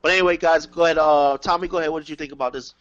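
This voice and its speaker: A man hosting a casual wrestling review podcast, excitable and quick to swear and laugh. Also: fairly high pitch, lo-fi sound. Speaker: podcast host.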